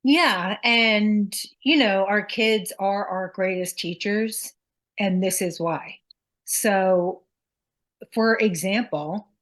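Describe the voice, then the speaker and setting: A middle-aged woman co-hosting a podcast, talking candidly and reflectively about her own parenting mistakes. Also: on the low side. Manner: candid, confessional, acts out quotes in a sharper voice. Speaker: podcast co-host. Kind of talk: reflective casual chat.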